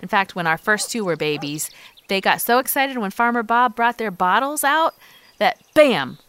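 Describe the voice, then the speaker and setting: Middle-aged woman co-host, animated and bright, casual outdoor chat on a farm walk. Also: medium pitch, normal speed, clean tone. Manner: lively, calls loudly to her goats. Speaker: podcast co-host.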